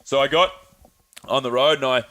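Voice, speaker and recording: A young Australian man co-hosting a podcast tells travel stories casually, rambling and swearing with plenty of filler words. His voice is medium-pitched and sharp at a normal speed, with fairly even intonation. There's no room sound.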